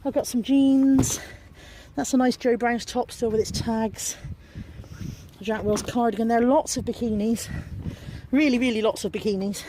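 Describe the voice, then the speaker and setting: A woman's voice: fairly high pitch, steady tone, moderate pace. A British woman vlogging at an outdoor car boot sale, chatting wryly and self-deprecatingly while out of breath and snuffly with a cold. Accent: British English. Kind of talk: casual vlog narration. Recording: noisy outdoor recording.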